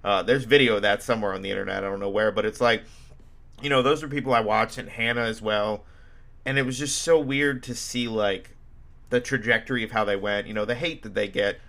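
A man's voice: on the low side, fairly even intonation, fairly quick, creaky, a bit bright. A man hosting a casual podcast, telling anecdotes with animation and acting out what people said. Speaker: podcast host.

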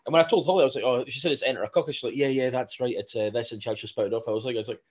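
A Scottish man in his thirties, co-hosting a podcast as a casual chat, telling animated stories with frequent laughing and swearing. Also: medium pitch, very fast, slightly rough. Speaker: podcast co-host.

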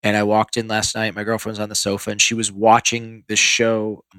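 A man's voice: on the low side, monotone, brisk, pushed and bright, clear, resonant tone, no room sound. A man who is a podcast guest, telling candid stories in a rambling, self-deprecating way with many restarts. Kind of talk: candid storytelling.

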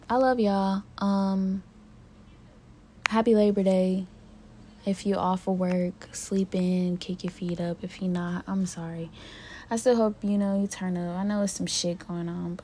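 A young woman talks straight to her listeners in a raw, profane solo podcast vent. Her voice sits at an ordinary middle pitch for a woman, and her talk is loose and conversational. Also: steady tone, unhurried, dark tone, slight background noise. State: emotionally hurt, near tears. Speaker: podcast host. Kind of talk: casual solo podcast venting.

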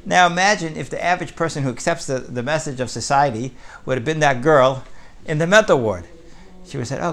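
Against slight background noise, a man with a mid-range voice teaches a Torah class and recounts a story. He's animated, rising with emphasis and pressing each point with a frequent "right?"

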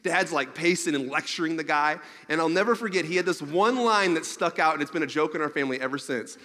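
A man tells a rambling, self-mocking story from the pulpit, animated and quick to laugh at himself. His voice sits fairly high and rings bright and forceful. It carries the long reverb of a large hall. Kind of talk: storytelling sermon to an audience.

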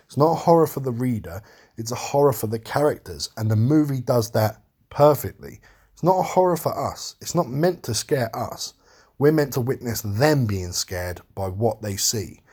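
A man's voice: medium pitch, animated, normal speed, darkish tone, slightly rough. A man giving a casual, rambling film review, talking frankly and swearing freely.

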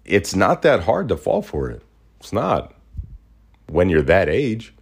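A man's voice: low voice, huge pitch swings, takes it slowly, vocal fry, slightly rough. A man hosting a podcast, talking in a casual, heated rant, blunt and full of swearing. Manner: profane, indignant, blunt. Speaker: podcast host.

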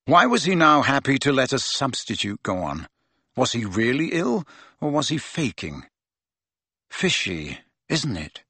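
A man's voice: mid-range voice, very animated, normal speed, pushed and bright, breathy edge, no echo. A man reading a novel aloud as a narrator, telling the story expressively. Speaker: audiobook narrator. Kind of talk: scripted narration.

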